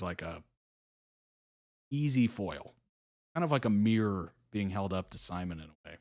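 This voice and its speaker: A man hosting a live reaction stream, chatting casually and laughing often between remarks. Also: on the low side. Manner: relaxed, chatty, reads viewer comments aloud; frequent soft laughs and fillers.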